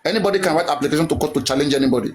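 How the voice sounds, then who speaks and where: A man's voice: fairly high pitch, very fast, rough recording. A man arguing in a heated online debate. He keeps insisting, repeats himself and demands to be heard. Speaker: debate participant.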